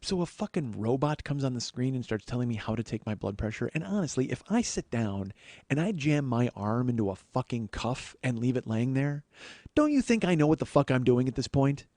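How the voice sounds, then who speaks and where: A man's voice: mid-range voice, big pitch swings, fairly quick, a little mellow, no room sound. A man hosting a comedy podcast, telling a story as an exasperated, profane monologue. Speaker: podcast host.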